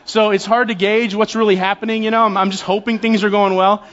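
A man in his forties gives a sermon in a relaxed, conversational way, joking at his own expense and often restarting his sentences. His voice sits high for a man. The recording is dull and lo-fi. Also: slight background noise. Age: 40s. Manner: conversational and self-deprecating, with quick restarts. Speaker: guest preacher, church elder. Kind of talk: sermon with humorous stories.

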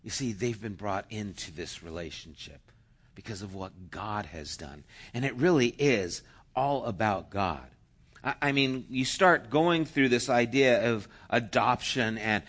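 A man preaching a sermon, slow and emphatic, rising into loud cheering bursts. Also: medium pitch. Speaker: pastor.

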